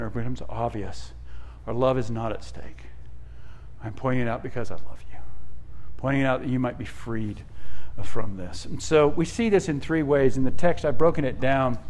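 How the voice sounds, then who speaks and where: A middle-aged male pastor preaching a sermon, earnest, dropping to hushed tones and rising to emphatic peaks. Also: fairly high pitch.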